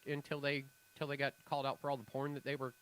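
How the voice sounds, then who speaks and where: A man's voice: medium pitch, rapid-fire, rough recording. A man co-hosting a casual podcast chat, telling stories with acted-out quotes and frequent swearing. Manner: animated storyteller, acts out quoted voices, swears freely. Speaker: podcast co-host.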